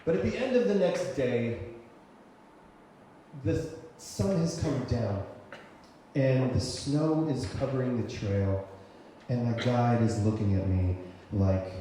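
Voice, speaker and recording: A man's voice: mid-range voice, expressive, takes it slowly. Man telling a story in an echoey hall. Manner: conversational, many fillers and restarts, shouts his inner thoughts. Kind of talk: live personal storytelling. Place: cultural center stage before an audience. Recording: very echoey hall, faint noise.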